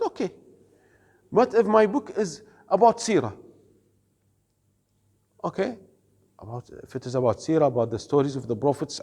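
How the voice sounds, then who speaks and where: A man with a high, somewhat mellow voice, vocal fry and a breathy edge teaches Islamic studies in what sounds like a big room. In this classroom lecture he explains slowly, quizzes the class, and blends Arabic words into his teaching.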